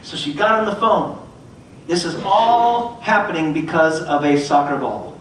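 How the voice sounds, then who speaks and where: Motivational speaker, man, middle-aged, lively storyteller doing voices; roomy hall sound, faint hum behind. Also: fairly high pitch, unhurried. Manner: animated, acts out voices in his stories. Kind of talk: storytelling talk. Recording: echoey hall, mic from far off.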